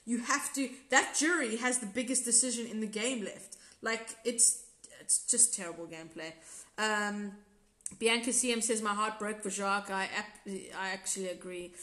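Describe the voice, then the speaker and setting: A woman's voice: a little high, bright, forceful tone. A South African woman in casual live recap chat, reading out viewer comments and rambling candidly through her thoughts, often restarting sentences. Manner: rambling, self-correcting, candid. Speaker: episode reviewer and former contestant. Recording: roomy echo.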